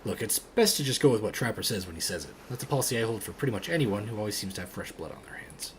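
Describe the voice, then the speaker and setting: A man's voice: lowish voice, animated, very fast, a little hiss or hum. A man hosting a gaming video, reading a dating game aloud with wry, joking asides.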